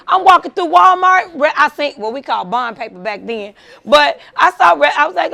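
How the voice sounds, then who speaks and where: Middle-aged woman speaker, gravelly, animated storyteller, plays out dialogue with lots of laughs. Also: high voice, moderate pace, hardly any pauses. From Chicago suburbs. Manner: animated, acts out quoted voices, laughs often. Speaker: motivational speaker. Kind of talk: storytelling talk.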